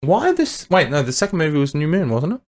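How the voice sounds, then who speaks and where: A man in his late twenties with an Australian accent, co-hosting a casual pop culture podcast, excitable and swearing freely. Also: fast. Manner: excitable, swears freely, acts out reactions in a high voice. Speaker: podcast co-host. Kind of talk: casual chat.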